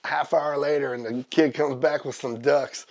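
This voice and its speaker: A man guesting on a comedy talk show, telling rambling jokes in a deadpan, drawling way. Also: medium pitch, moderate pace. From Northern California.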